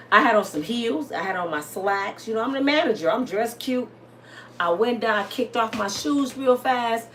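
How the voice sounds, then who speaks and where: Animated woman telling a wild story. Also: medium pitch, a little hiss or hum. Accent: African American Vernacular English. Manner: dramatic, addresses listeners as y'all. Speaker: storyteller host.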